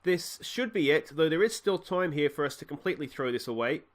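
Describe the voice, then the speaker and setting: A man's voice: on the high side, animated, brisk. Exasperated Australian man, game commentary. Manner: exasperated, grumbling, rambling with fillers; mock tirade at his players. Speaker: gaming channel host. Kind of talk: let's play commentary.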